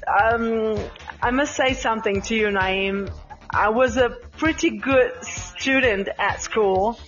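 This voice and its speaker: A woman's voice: a little high, takes it slowly, a bit bright, lo-fi sound, soft background music. A woman with a mixed British and American accent, hosting a casual live chat, rambling with fillers and addressing listeners by name. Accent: mix of British and American English.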